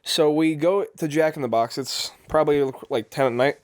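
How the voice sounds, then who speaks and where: A man's voice: a little high, moderate pace, darkish tone, clean tone, dry recording, clean studio sound. A man in his twenties co-hosting a podcast, telling a long story in casual chat, laughing often, swearing and acting out the people he quotes. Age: 20s. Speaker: podcast co-host.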